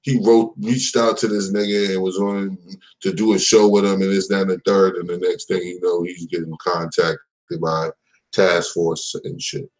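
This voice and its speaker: A man's voice: low-pitched, little pitch movement, moderate pace, low-quality recording. A man hosting a live commentary stream, talking in a casual, profane, mocking way and laughing at his own jokes.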